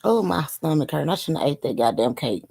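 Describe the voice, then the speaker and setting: A woman's voice: low voice, very animated, brisk, creaky, mellow, breathy edge. A woman hosting a live stream, chatting casually, pleading with viewers and swearing freely. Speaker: stream host.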